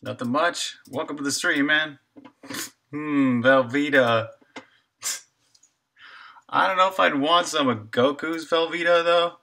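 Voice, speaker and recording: A man's voice: a little high, measured pace, long pauses, sharp tone. A man who makes games alone, thinking aloud in half-finished sentences while he codes on a live stream and perks up to greet chat. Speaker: solo game developer streaming.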